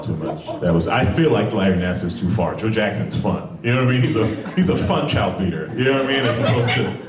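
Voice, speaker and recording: Talking fast with a fairly low pitch, a Brooklyn comedian in his forties riffs profanely and conversationally, peppering in rhetorical asides. A live comedy-club crowd is audible, with laughter, echo, and distant mic placement.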